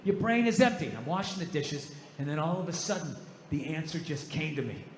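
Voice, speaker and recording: A man's voice: on the high side, very animated, fairly quick, a little hiss or hum. A middle-aged man doing a stand-up comedy set, telling profane, exasperated stories in a ranting way. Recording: live stage recording with hall reverb.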